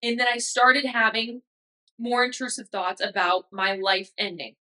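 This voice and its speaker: A woman's voice: on the high side, measured pace, pushed and bright, poor audio. A woman in her thirties hosting a podcast, talking in a casual, emotional way with many fillers. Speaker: podcast host. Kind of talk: casual reflective monologue.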